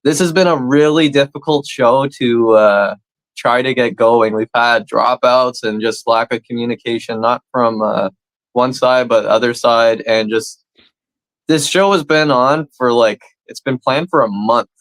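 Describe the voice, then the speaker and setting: A man's voice: mid-range voice, unhurried, fairly bright tone, no echo, low-quality recording. Blunt, swearing Canadian man. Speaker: comedy podcast co-host. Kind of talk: casual chat.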